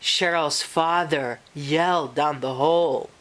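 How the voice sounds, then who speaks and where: A woman reading a children's picture book aloud, animated and expressive, pausing to talk to young listeners. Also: on the low side. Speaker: storyteller.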